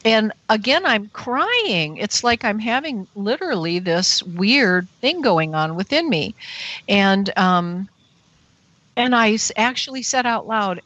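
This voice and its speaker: A woman's voice: mid-range voice, animated, slow pace, fairly bright tone, dry recording. Woman telling a story, dry and dull. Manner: earnest, breathless storytelling with emotional re-enactments. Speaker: guest. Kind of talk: personal story in a radio interview. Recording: dull, dry radio show audio.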